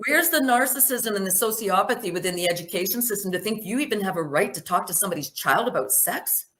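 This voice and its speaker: A woman's voice: medium pitch, expressive, quick pace, fairly bright tone. Emphatic woman asking rhetorical questions. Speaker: speaker giving a presentation. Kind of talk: spoken presentation with Q&A.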